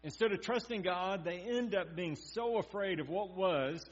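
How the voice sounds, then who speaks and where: A man preaching a sermon, talking like a conversation, acting out quotes and dropping to a quiet intensity. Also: high-pitched, moderate pace. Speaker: pastor. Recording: dull muffled sound with mains hum.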